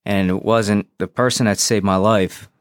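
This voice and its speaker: A man's voice: on the low side, steady tone, normal speed, no echo, clean studio sound. A man and former police officer telling his own story on a podcast, frank and profane, acting out past conversations. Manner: frank and profane, re-enacts dialogue. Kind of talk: candid personal storytelling.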